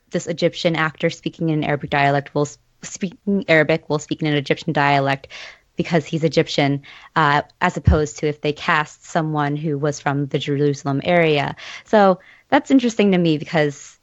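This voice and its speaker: A woman's voice: sits low, moderate pace, no room sound, muffled recording. A woman speaking in a casual podcast discussion, thoughtful and hedging with fillers. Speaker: podcast guest writer.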